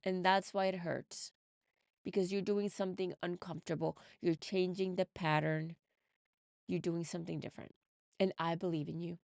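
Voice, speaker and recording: Earnest woman motivational podcast host, smooth resonant voice, dry recording. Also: on the low side, fairly even intonation, normal speed, darkish tone, no echo. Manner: earnest, encouraging, emotional. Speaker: mindset coach and podcast host. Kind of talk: motivational monologue. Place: home recording setup in the UK.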